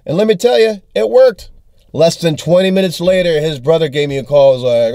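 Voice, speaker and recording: A man's voice: fairly high pitch, expressive, fairly quick, warm tone, no room sound, studio quality. Ranting, profane male comedian. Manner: angry, profane storytelling that acts out text exchanges. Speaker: touring comedian. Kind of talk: ranting video diary.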